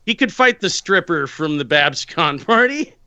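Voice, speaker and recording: A man chatting casually on a group call, excitable, jumping way up in pitch when he quotes himself. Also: moderate pace, no echo, dull audio. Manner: excitable, jumps high when quoting himself.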